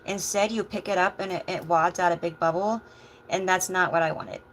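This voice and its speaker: A woman chatting casually on a livestream as a tarot reader, meandering with soft asides. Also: lowish voice, steady tone, brisk, slight background noise, low-quality recording.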